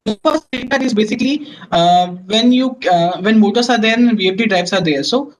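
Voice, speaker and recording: Man explaining meters in a high voice. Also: fairly quick, rough recording. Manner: explanatory, many fillers and restarts. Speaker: webinar presenter. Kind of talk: technical webinar lecture.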